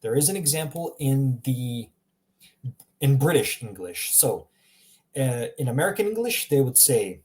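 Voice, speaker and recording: Guy doing a casual language lesson, mid-pitched voice, rambly, laughs a lot. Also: sing-song, normal speed, mellow. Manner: chatty, repeats himself, laughs often. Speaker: language teacher.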